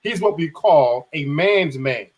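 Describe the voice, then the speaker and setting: A man's voice: on the high side, animated, slow pace, muffled recording. A man hosting a marriage talk show, interviewing a couple, often restarting his words and reading a passage aloud from their book. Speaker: podcast host. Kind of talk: conversational interview.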